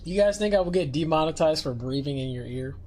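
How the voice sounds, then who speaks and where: A man's voice: a little high, lively intonation, fast talker, darkish tone, a little hiss or hum. A man streaming as a VTuber, chatting casually and playfully with his viewers in a rambling way, recorded on a binaural microphone. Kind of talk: casual live-stream chat. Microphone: binaural dummy-head microphone.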